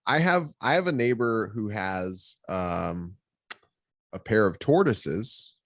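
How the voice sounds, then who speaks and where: A man co-hosting a podcast, chatting casually, reacting and asking quick questions. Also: fairly low pitch, animated, fairly bright tone, dry recording, clean studio sound. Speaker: podcast co-host. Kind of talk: casual chat.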